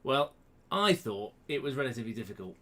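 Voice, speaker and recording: A man with a mid-range, sing-song voice speaks a little fast with a sharp tone, hosting a quiz live from a room at home. Close to a webcam mic, he chats casually, mocks himself and greets viewers by name.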